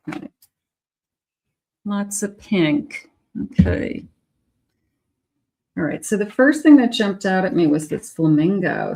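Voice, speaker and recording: Female psychic reader, slow delivery, casual, thinks aloud. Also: fairly low pitch. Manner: thinking aloud, unhurried, with fillers. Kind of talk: casual tarot card reading.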